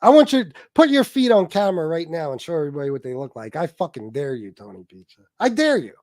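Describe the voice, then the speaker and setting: A man's voice: high-pitched, darkish tone, no room sound, clean studio sound. A man hosting a casual livestream, profane and mocking, reading donations and trading jabs with viewers. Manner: profane, mocking, laid-back between rants. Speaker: livestream host.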